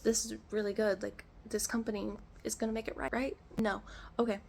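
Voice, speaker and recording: A woman's voice: medium pitch, little pitch movement, a little fast, a little mellow, a little hiss or hum. Exasperated young woman ranting a storytime. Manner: exasperated ranting storytelling, acting out phone calls. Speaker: vlogger. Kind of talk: storytime vlog.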